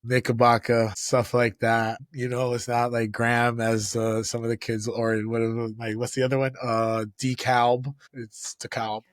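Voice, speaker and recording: A man's voice: mid-range voice, level tone, normal speed, few pauses, no room sound. A man with a Brooklyn accent, a real estate agent co-hosting a casual podcast in a playful, laid-back way. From Brooklyn, New York.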